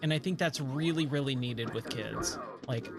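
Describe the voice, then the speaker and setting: A man's voice: medium pitch, normal speed, gravelly. A man in his thirties chatting casually while playing arcade games, rambling and easily sidetracked. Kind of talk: casual chat while gaming. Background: game music.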